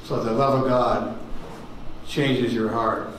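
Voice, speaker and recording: A man in his eighties giving a personal testimony sermon, halting and repeating words as he tells stories. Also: mid-range voice, steady tone. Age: 80s. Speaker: guest speaker giving testimony. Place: ministry meeting room with audience. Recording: very echoey hall, distant mic, faint noise.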